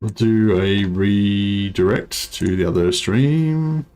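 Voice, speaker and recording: A man's voice: fairly low pitch, slow, a little mellow, smooth. A man streaming a game live, chatting casually and rambling, with many fillers as he reads his chat aloud.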